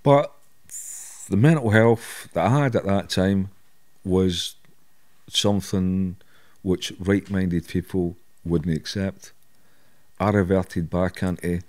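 A man's voice: low voice, slow, pauses often, darkish tone. Blunt Scottish man telling stories. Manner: blunt, swears, laughs at himself. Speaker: podcast guest. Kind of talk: candid storytelling interview.

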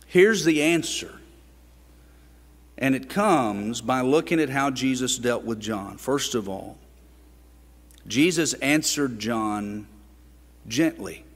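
Speaking slowly with frequent pauses, a preacher's medium-pitched voice carries lively intonation through a church sanctuary's long reverb. His sermon is earnest and climbs toward forceful rhetorical questions.

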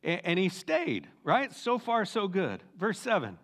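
A middle-aged man, a teaching pastor, retelling a Bible story in a casual, animated sermon full of asides. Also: sits high, measured pace.

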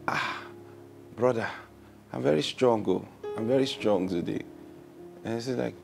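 A man preaching a sermon, opening with prayer and acting out little dialogues, swinging from soft to loud. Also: mid-range voice, normal speed, vocal fry, long pauses, faint music behind.

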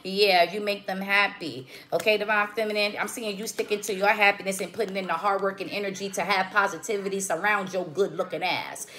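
A woman's voice: mid-range voice, steady tone, brisk, hardly any pauses, pushed and bright, a little hiss or hum. A woman giving a casual tarot reading in a slangy, profane, emphatic way, often checking in with "okay?". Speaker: tarot reader.

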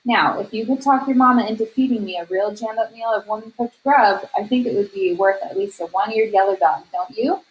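An easygoing young cowman with a ready grin, as a woman reading aloud gives him voice. He drawls his words in an unhurried storybook telling, at her ordinary middle pitch. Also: lo-fi sound, close to an everyday voice. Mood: genial. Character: friendly young male cattleman, grinning.

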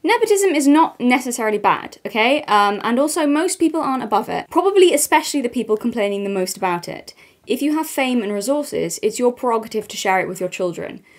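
A woman's voice: a little high, very animated, quick pace. A woman giving chatty, opinionated commentary on her channel, with frequent ums. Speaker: commentary vlogger. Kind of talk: casual commentary.

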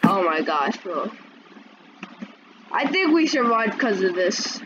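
A woman giving casual gameplay commentary, excitable and breaking into high panicked yelps. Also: slow, lo-fi sound, very noisy. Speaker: gameplay video creator. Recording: loud game sounds behind the voice.

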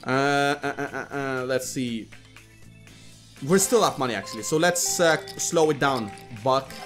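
A man's voice: mid-range voice, measured pace, fairly bright tone, soft background music. A young man streaming casino games, commentating casually as he rambles, jokes and swears freely. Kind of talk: casual live gambling commentary.

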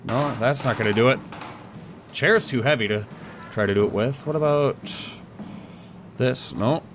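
A young man rambles through a game in a casual, goofy way, chatting to objects and to himself. His voice sits in an ordinary middle pitch. A faint hiss of noise runs under the recording. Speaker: let's play gamer. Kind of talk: casual gameplay commentary.

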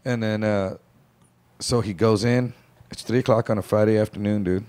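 A man's voice: fairly low pitch, steady tone, moderate pace, a little mellow, clean tone. A man telling a story on a casual podcast, acting out the voices of the people in it. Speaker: podcast guest.

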